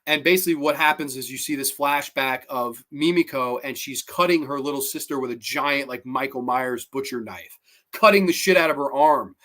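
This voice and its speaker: A man's voice: medium pitch, moderate pace, bright, forceful tone. A man hosting a horror movie review show, talking through a film plot in a chatty, opinionated way, with lots of fillers and the odd swear word. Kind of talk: casual film review monologue.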